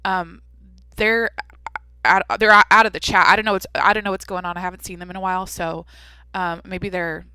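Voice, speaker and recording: A woman's voice: on the low side, fairly even intonation, fairly quick, pushed and bright, clean tone, dry recording. A young woman hosting a solo podcast, telling a rambling story full of swearing, restarts and asides. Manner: rambling, profane, self-interrupting storytelling. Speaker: podcast host.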